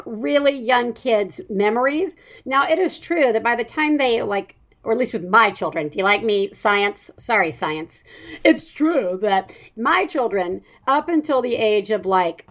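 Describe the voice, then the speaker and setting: Brief: woman podcast host, a bit high-voiced, rambling and self-deprecating, laughs easily. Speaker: parent. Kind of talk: casual podcast chat.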